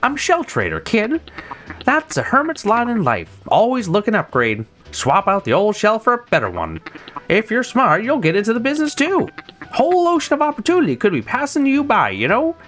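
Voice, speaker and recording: A game streamer voicing a hustling male crab shell trader in a video game, speaking with quick salesman patter. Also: medium pitch, huge pitch swings, fairly bright tone, pitched above the performer's own voice. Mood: pushy.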